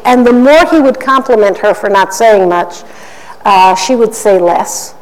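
A middle-aged woman giving an animated public talk, with playful mimicry of others. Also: mid-range voice, measured pace. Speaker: speaker. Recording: roomy hall, faint ambience.

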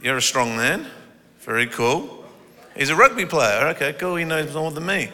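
A pastor preaching a sermon, joking with volunteers and then building to forceful delivery. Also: male voice, fairly high pitch, big pitch swings, normal speed. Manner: playful and teasing, then rising to forceful preaching. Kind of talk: sermon with audience participation. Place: church hall. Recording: echoey hall reverb.

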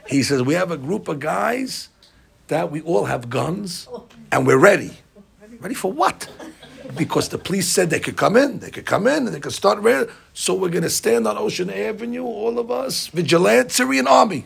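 A man, a rabbi, giving a storytelling sermon that swings between hushed and loud. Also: high voice, expressive, a little fast, gravelly, breathy edge. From United States.

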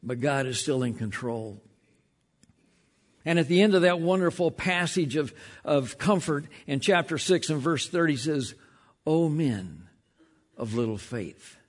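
A man preaching a sermon as pastor, emphatic, often slowing and dropping to a hush on key lines, with frequent repeated words as he restarts. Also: on the high side, animated.

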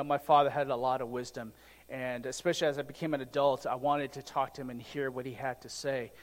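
A middle-aged male pastor preaching a conversational sermon with joking asides to the congregation. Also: on the high side. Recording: long reverb of a large hall.

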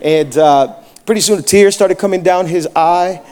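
High-voiced joking pastor. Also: male voice, moderate pace, darkish tone, smooth. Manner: joking, storytelling, asks the crowd questions. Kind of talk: sermon.

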